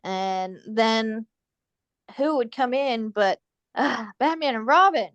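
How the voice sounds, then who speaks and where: Podcast co-host, female, higher pitch, dry booth sound; lively recapper. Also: takes it slowly, dry recording, muffled recording. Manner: animated storytelling, quoting characters in put-on voices. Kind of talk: casual chat recapping a cartoon.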